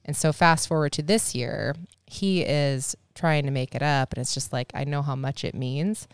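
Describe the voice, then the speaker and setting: A woman, a podcast guest, chatting casually and telling a story with animated delivery, casual swearing and acted-out quotes. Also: sits low, moderate pace, clear, resonant tone, no echo. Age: adult, married.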